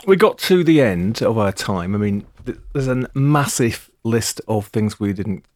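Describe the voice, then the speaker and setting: A man's voice: fairly low pitch, animated, a little mellow, no room sound, studio quality. A man hosting a podcast, talking loosely with the guest and closing the show. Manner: conversational, loose, drawn-out phrasing. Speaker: podcast host. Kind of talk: interview and show outro.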